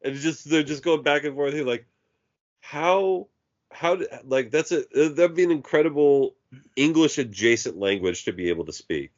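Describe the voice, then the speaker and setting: A man's voice: fairly high pitch, expressive, moderate pace, lo-fi sound. A man co-hosting a podcast in casual chat, telling stories in a rambling way, full of "like" and swearing. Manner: rambling storyteller, peppers speech with "like" and swearing. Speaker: podcast co-host.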